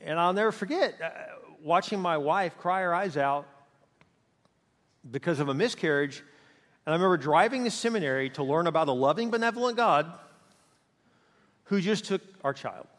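A middle-aged man preaching a sermon as pastor, passionate, with big swings between loud, fast bursts and quiet, slow passages. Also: a little high, animated. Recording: hall reverb.

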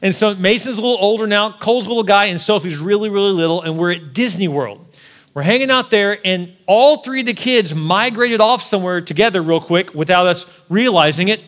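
A male pastor in his forties preaches at a quick clip in a high voice. He tells personal stories, jokes with the congregation and builds up to loud, animated peaks. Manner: animated, rising to shouting at peaks.

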